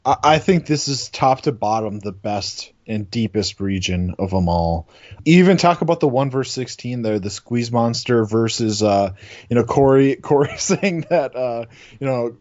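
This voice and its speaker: Man, co-host, casual chat, eager, animated, mid pitch, dry lo-fi audio. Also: normal speed, no room sound. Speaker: podcast co-host. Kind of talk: casual sports-radio chat.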